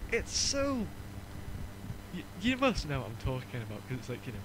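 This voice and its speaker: Brief: young Northern English host, mid-pitched, wry mocking banter, audible background noise. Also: male voice, huge pitch swings. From Northern England. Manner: joking, rambling, quick to mock. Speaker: podcast host. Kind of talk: casual chat.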